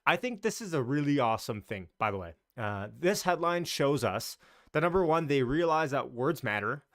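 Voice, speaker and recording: A man's voice: fairly high pitch, very animated, normal speed, fairly bright tone, dry recording, studio quality. A man hosting a casual live stream about the market, chatty and loose, greeting viewers as he talks. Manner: talks in loose, restarting sentences.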